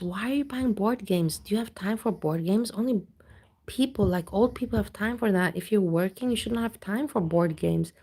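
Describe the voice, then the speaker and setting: A woman's voice: mid-range voice, moderate pace, warm tone, slightly rough. A woman chatting casually with viewers on a live stream, blunt and ranting, reading the chat aloud.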